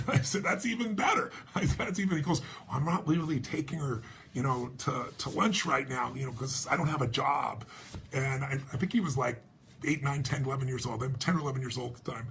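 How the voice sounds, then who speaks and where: A man's voice: medium pitch, quick pace, vocal fry, slight background noise. A man telling a personal story and appealing for donations, acting out the dialogue as he goes. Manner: animated storytelling, acts out dialogue.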